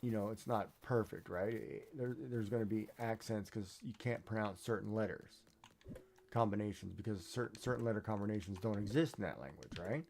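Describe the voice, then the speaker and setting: A man's voice: on the low side, normal speed, gravelly, darkish tone, a little hiss or hum. A man streaming a game, chatting casually and rambling, often checking in with "right?". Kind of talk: casual chat while gaming.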